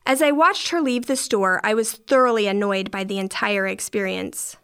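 A woman's voice: medium pitch, moderate pace, fairly bright tone, clear, resonant tone. A middle-aged woman narrating a first-person story in a dry, wry way.

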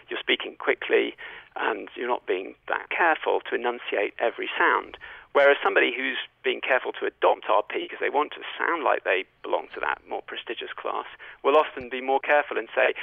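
A male language professor with a British Received Pronunciation accent, explaining in a measured, scholarly way with frequent fillers, heard over a phone line. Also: mid-range voice, creaky, no echo. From Britain. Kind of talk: explanatory interview talk.

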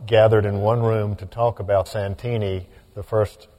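A man's voice: on the low side, level tone, moderate pace, mellow. A man hosting a live stage interview in a large auditorium, wry and prompting. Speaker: host, interviewer. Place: large auditorium before an audience. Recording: long reverb of a big hall.

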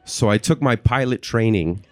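Man, stand-up comedian, low resonant voice, animated storytelling. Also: moderate pace, some chatter behind. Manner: animated, acts out voices and reactions.

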